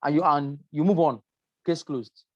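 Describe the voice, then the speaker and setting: A woman's voice: deep voice, a little slow, a little mellow, no room sound, highs cut off. A woman with a Nigerian English accent giving a workplace safety lecture, explaining step by step and checking in with her listeners. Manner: repetitive, explanatory, asks "right?" often. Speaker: safety trainer. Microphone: presentation with slides.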